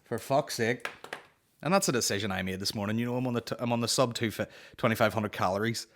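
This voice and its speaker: A man's voice: fairly low pitch, quick pace, fairly bright tone, a little hiss or hum. A man in his thirties hosting a solo comedy podcast, rambling, swearing and cutting himself off. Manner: swearing, rambling, self-interrupting. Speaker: podcast host.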